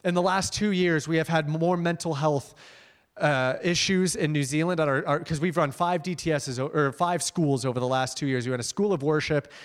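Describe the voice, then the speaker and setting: A young man giving a casual, animated sermon as a guest missions leader. He shifts between emphatic high points and quiet asides, with fillers and restarts. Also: moderate pace, clear, resonant tone. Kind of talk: conversational sermon. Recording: long hall reverb.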